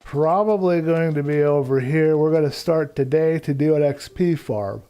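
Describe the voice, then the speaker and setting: Male streamer, mellow tone, casual live gameplay commentary, thinks out loud. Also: on the high side, normal speed, highs cut off. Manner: thinks aloud while planning; rambling, casual.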